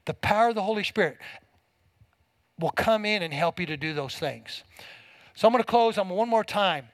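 A man's voice: sits high, animated, normal speed, no room sound, poor audio. A middle-aged man preaching a sermon to a congregation, folksy and emphatic, with homespun everyday examples. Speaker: pastor.

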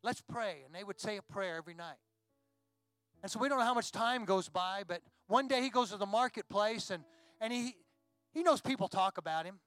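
A man with a high, smooth voice preaching in a church, retelling a Bible story with feeling. The sound is close and dry, with soft music faintly underneath. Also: fairly quick, dry recording. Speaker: pastor. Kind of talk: sermon.

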